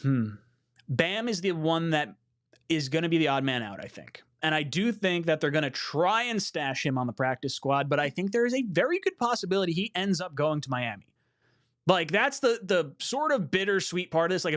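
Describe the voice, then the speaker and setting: A male sports show host with a high, lively voice that swings all over the place. He talks in an excitable, casual way and swears freely as he reads out viewer messages. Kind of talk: casual livestream sports talk.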